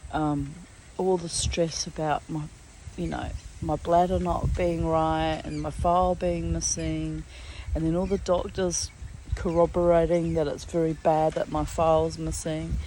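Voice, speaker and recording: A woman's voice: lowish voice, darkish tone, slight background noise, low-quality recording. A woman telling a story in a chatty, rambling vlog style, full of fillers. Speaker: vlogger. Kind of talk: casual storytelling.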